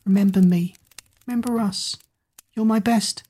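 A woman's voice: mid-range voice, fairly even intonation, normal speed, dark tone, husky, voice pushed up, natural voice. A woman voicing a desperate young captive heroine who pleads breathlessly with a friend in a storybook reading.

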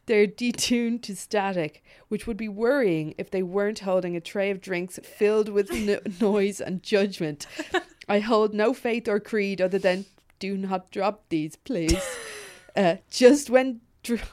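A woman's voice: medium pitch, unhurried, darkish tone. A woman reading a funny story aloud on a podcast, often laughing, stopping to comment and swearing freely. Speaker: podcast co-host.

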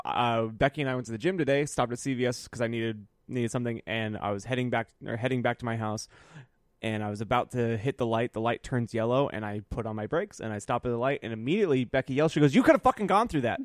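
A man's voice: mid-range voice, fast, dry recording, clean studio sound. A man co-hosting a casual podcast, telling stories with a lot of laughter. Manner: laughs often, animated storytelling. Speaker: podcast co-host. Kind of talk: casual chat.

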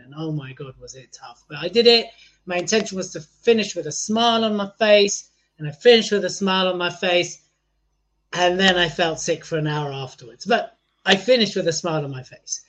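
A man co-hosting a podcast, telling stories in an animated, teasing manner. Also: a little high. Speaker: podcast co-host. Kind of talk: casual chat.

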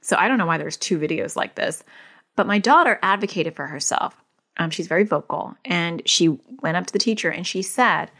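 A woman's voice: on the low side, expressive, a little fast, sharp tone. A woman who is a therapist and a parent, talking in an earnest, chatty way with lots of "like" fillers as she gives advice. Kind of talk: casual advice monologue.

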